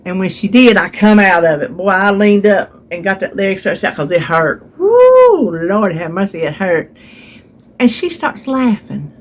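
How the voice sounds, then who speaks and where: A woman vlogger from North Carolina relaxedly recounts a therapy appointment for her audience, quoting the conversation aloud. Her mid-range voice moves at a normal speed, captured on a phone at home.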